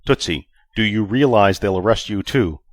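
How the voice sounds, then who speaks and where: A man voicing a brash, exasperated male starship captain who talks loudly and pushily. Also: lowish voice, normal speed, no echo, clean studio sound, close to an everyday voice. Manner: loud, pushy and exasperated.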